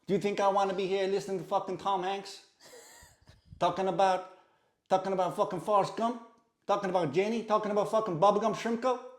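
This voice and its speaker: A man's voice: sits high, fairly even intonation, a little fast, reverberant, voice pushed up, close to an everyday voice. A Northern Irish man doing an indignant, swearing American film tough-guy impression in a raised voice.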